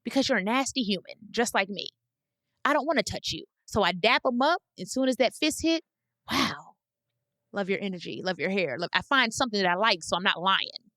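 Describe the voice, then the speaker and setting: An American woman in her thirties hosts a podcast, speaking a little fast in a slightly high, sharp voice with lively intonation, recorded dry. In a casual monologue she hands out blunt, emphatic advice, repeating phrases to drive her points home.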